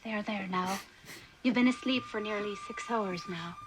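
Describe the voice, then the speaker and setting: A woman's voice: mid-range voice, moderate pace, close to an everyday voice. An actress playing a kindly but stern young Irish farm wife and mother, speaking in a lilting, firm way, heard in a film clip with background noise. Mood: soothing.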